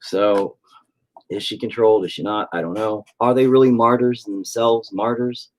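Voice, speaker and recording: While painting on a livestream, a man chats casually and profanely, rambling and cracking jokes. He speaks at a normal speed with a lowish, steady voice, and the recording quality is low.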